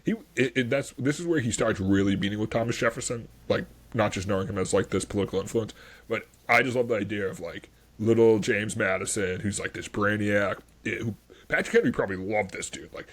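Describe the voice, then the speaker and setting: A man's voice: fairly low pitch, a little fast, a bit bright. A man hosting a history podcast, chatting casually and enthusiastically, rambling with many fillers. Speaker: podcast host.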